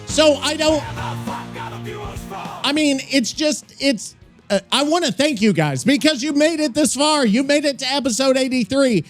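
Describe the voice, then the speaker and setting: A man co-hosting a gaming podcast, talking loudly and casually, swearing often and rambling with restarts. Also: very high-pitched, moderate pace, faint music behind. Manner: loud, profane, rambling with restarts. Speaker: podcast co-host.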